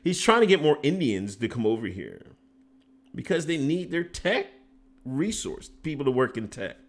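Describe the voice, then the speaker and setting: A man's voice: medium pitch, sing-song, normal speed. A man hosting a casual political commentary stream, rambling off on tangents and restarting his sentences, emphatic and exasperated. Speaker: host.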